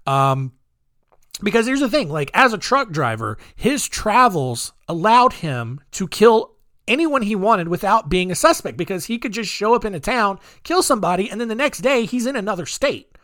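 Lively young man telling crime stories. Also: high voice, normal speed, no echo, clean studio sound. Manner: loose and joking, many ums and asides. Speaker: podcast host. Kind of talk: casual true-crime storytelling.

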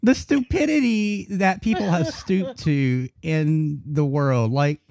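A man's voice: fairly high pitch, takes it slowly, a little mellow, no echo. A man co-hosting a podcast, ranting heatedly with heavy swearing in casual chat. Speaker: podcast co-host.

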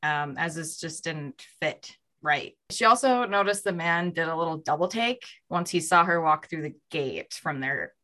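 A woman hosting a podcast tells a crime story in a relaxed, chatty way. Her voice sits a little low but sounds bright and forward. She narrates with fillers and asides. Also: moderate pace, hardly any pauses. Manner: reads out a story with fillers, voicing quoted lines. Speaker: podcast host telling a true crime story.

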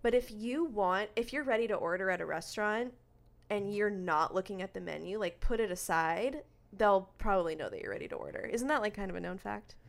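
Woman, lively swooping pitch, teasing podcast co-host. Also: creaky. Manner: teasing, quick interjections. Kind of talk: casual chat.

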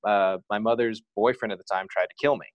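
This man, a guest on a podcast, tells a personal story openly and casually, peppering it with "like." He talks fast in a lowish voice with fairly even intonation, and the audio is dull with no echo.

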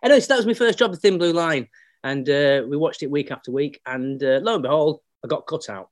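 A man, an actor and comedian, chatting casually as a podcast guest and telling anecdotes, slipping into quick voices for the people he quotes. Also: on the high side, no echo, clean studio sound.

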